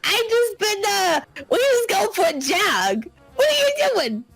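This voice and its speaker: A woman voicing a scrappy young male suspect in a tabletop game who yelps and complains in a high, strained voice. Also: sing-song, measured pace, vocal fry, fairly bright tone, faint music behind, exaggerated voice. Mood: whining.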